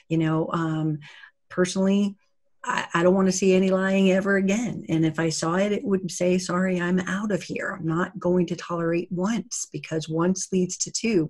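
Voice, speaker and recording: A woman giving an earnest, conversational talk on setting boundaries, acting out short dialogues as she goes. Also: fairly low pitch. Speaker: summit speaker on narcissistic abuse recovery. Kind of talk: interview-style talk.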